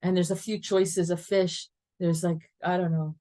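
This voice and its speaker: A woman teacher giving a lively class, telling stories animatedly, laughing often and weaving in Hebrew terms. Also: lowish voice, normal speed. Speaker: Torah teacher. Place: classroom with students.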